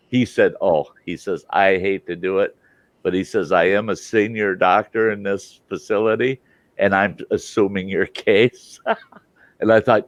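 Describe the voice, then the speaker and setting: A man's voice: on the low side, normal speed, no echo, muffled recording. An older man hosting, telling a personal story in a casual way and acting out the voices of the people in it. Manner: animated, acts out quoted voices. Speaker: storytelling host.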